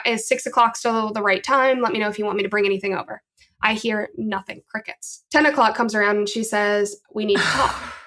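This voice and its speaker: A woman from the northern United States, a podcast guest telling a story casually and acting out the lines she quotes. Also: fairly high pitch. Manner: animated, acts out quoted dialogue.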